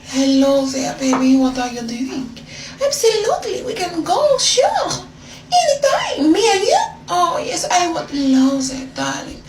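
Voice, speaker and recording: A woman's voice: very high voice, big pitch swings, a little slow, voice pushed up, heavily acted. Woman doing a flirty fake-French seductress. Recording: roomy, distant, noisy phone video.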